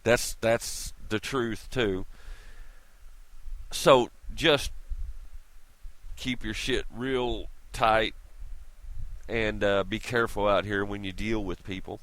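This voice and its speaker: A man's voice: fairly low pitch, steady tone, takes it slowly, pauses often, fairly bright tone, no room sound, low-quality recording. A man ranting to camera in a vlog, blunt and profane, with mocking street slang. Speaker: vlogger. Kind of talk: angry profane rant to camera.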